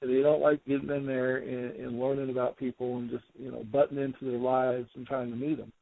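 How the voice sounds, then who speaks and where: A man from the Midwest talks casually as a podcast guest and keeps restarting his sentences. His voice is gravelly. The sound is dry and thin, like a phone line. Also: mid-range voice, flat delivery, no room sound. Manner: halting, many fillers and restarts. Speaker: guest, home inspector. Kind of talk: casual interview chat.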